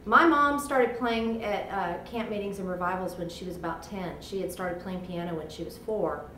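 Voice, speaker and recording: A woman's voice: mid-range voice, normal speed, fairly bright tone, recorded from a distance, slight background noise. A woman recounting her family's history with revivals in an interview. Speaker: choir member. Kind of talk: reflective interview talk. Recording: roomy, off-mic with faint ambience.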